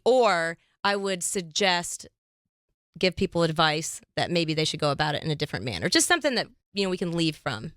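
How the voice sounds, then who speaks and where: A woman hosting a casual interview, an animated storyteller who laughs often and acts out quotes. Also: on the low side, brisk, dry recording, studio quality. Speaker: podcast host.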